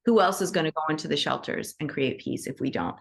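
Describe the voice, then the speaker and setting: A woman with a somewhat low, calm voice speaks over a video call. She leads an animal Reiki session and tells stories with gentle enthusiasm, often adding "you know" and "right?". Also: quick pace, creaky. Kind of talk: casual teaching chat on a video call.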